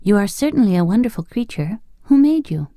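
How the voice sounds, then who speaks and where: A man's voice: high voice, sing-song, a little fast, dark tone, no echo, clean studio sound, voice pushed up. A man voicing a cheeky young maid in an audiobook, teasing and mischievous, in a raised, lilting voice. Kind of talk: audiobook character voice.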